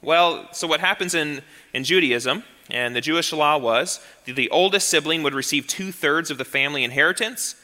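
A man preaching a sermon as a pastor, emphatic and swinging to soft, low tones. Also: normal speed, few pauses. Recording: long reverb of a large hall.

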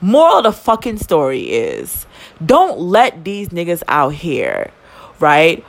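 A young woman, telling a story in casual chat as a podcast co-host, profane and quick to indignation. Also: fairly low pitch, huge pitch swings, vocal fry.

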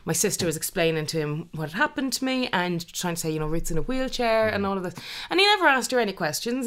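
A woman co-hosting a casual podcast, chatty and upbeat as she tells stories. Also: on the low side. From Ireland. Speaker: podcast co-host. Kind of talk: casual chat.

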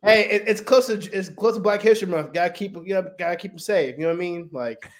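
A man's voice: high-pitched, quick pace, over a noisy crowd. A man, a comedian guest on a podcast, chatting in an upbeat, joking way. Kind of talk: casual podcast chat.

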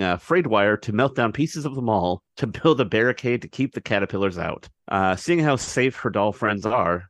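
A man's voice: mid-range voice, a bit bright, no room sound. A man co-hosting a podcast, recapping an episode in a playful, joking way. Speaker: podcast co-host. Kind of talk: casual chat and episode recap.

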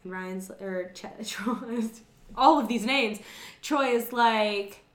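A woman's voice: fairly high pitch, slow, reverberant. A woman recapping a movie in casual chat, laughing often and acting out the characters' lines. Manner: laughing, animated, acts out lines and sings snatches.

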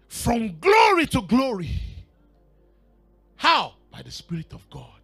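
A man preaching a sermon with fervor, dropping to a hush and then rising to shouts and half-sung phrases, sometimes speaking in tongues. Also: very high voice, huge pitch swings, takes it slowly, vocal fry, long pauses, breathy edge, soft background music. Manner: fervent, swings from hushed to shouting and half-singing.

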